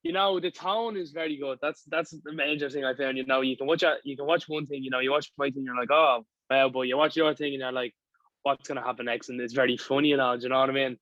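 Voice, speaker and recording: A man's voice: medium pitch, steady tone, fast, fairly bright tone, dry recording, poor audio. A young man from Ireland with a Dublin accent, a guest filmmaker chatting casually, rambling and often asking "you know what I mean". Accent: Dublin Irish. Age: young adult. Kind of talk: casual chat.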